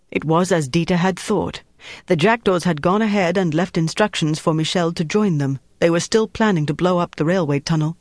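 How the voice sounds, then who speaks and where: Man, audiobook narration, slightly high voice, dry close sound, measured pace. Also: dry recording. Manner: measured, even storytelling delivery. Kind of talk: scripted narration.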